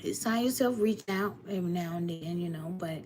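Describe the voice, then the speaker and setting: A woman's voice: fairly low pitch, a little fast, noisy background. A woman tarot reader speaking heartfelt and emotional on a live stream to her viewers, often laughing.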